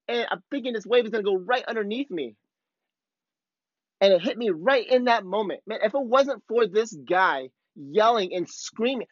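A male podcast host telling a surf story in excited, laid-back surfer talk. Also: high voice, no echo, lo-fi sound. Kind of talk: casual storytelling monologue.

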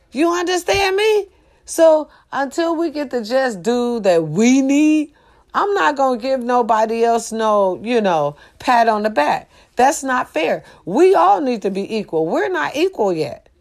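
A middle-aged woman, delivering a fiery, profane monologue that climbs to shouts. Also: fairly high pitch. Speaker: social media host. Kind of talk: impassioned monologue.

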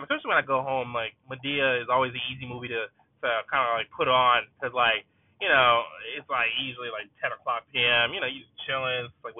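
A man's voice: high-pitched, dry recording. A tired young man, a student advocate, giving a casual motivational monologue from inside a car. He stutters, repeats words and keeps calling his listeners y'all. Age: young adult. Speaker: student advocate and podcast host. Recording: tinny phone-like sound.

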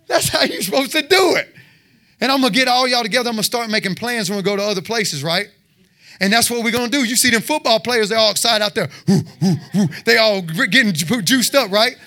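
A fervent man delivering a testimony sermon, urging his listeners on and roaring out loud. His voice sits high and sounds bright and forceful. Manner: fervent, exhorting, with shouted roars. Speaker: lay preacher.

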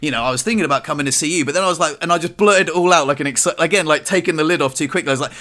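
A man's voice: fairly high pitch, rapid-fire, few pauses, sharp tone. A man on a podcast, chatting casually and acting out the voices of his family as he tells a story. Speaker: podcast co-host.

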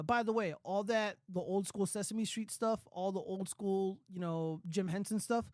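High-voiced man ranting with dry sound. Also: a little mellow, no room sound. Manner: rambling and profane, many fillers. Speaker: show host. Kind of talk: casual commentary stream.

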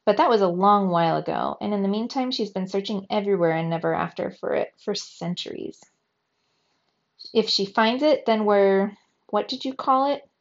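A woman's voice: mid-range voice, animated, normal speed, muffled recording, close to an everyday voice. A woman reading as an earnest teenage hero boy.

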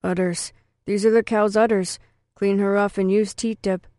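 A woman plays a young boy reciting farm facts in blunt, list-like bursts, pitched a little lower and louder than the surrounding narration. The recording is close and dry, with no room sound. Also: level tone, moderate pace, dry recording, close to an everyday voice. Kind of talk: audiobook reading.

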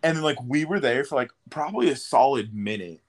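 Here a young podcast host with a mid-range voice talks fairly quickly, spinning animated stories in relaxed conversation and laughing frequently.

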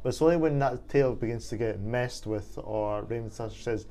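A man in casual podcast film chat, animated and rambling with fillers. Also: medium pitch, a little fast.

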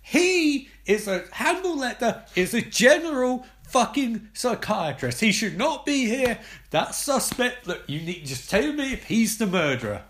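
A man giving a sweary comedic recap, mocking the scenes and swinging between high squeaks and low growls. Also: big pitch swings, moderate pace, fairly bright tone.

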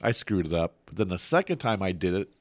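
Low-voiced man, quick casual reactions. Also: very animated, no room sound. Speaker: podcast co-host. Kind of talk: casual sports podcast chat.

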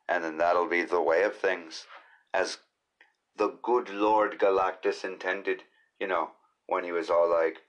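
A man hosting his own solo podcast, talking off the cuff in a rambling, jokey way with quick asides. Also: low voice, steady tone, lo-fi sound. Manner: rambling, jokey, jumps between silly voices and asides. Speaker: podcast host.

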